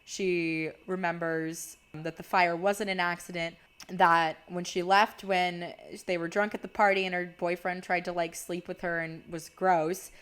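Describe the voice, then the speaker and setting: A woman's voice: fairly low pitch, flat delivery, unhurried, fairly bright tone, smooth. Chatty young woman recapping a film. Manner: chatty, heavy use of "like". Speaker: video creator. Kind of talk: casual movie recap.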